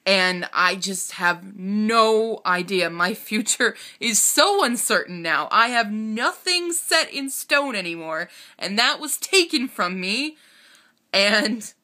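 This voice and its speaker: Tearful young woman, bright voice. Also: mid-range voice, expressive. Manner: halting and emotional, with nervous laughs and sighs. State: tearful, on the verge of crying. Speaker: vlogger. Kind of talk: personal vlog confession.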